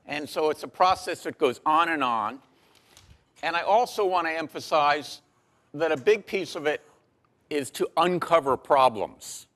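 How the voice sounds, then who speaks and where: A man giving a university lecture in a lecture hall, measured and dry-humored, with frequent ums and uhs. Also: fairly high pitch, a bit bright. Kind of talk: classroom lecture.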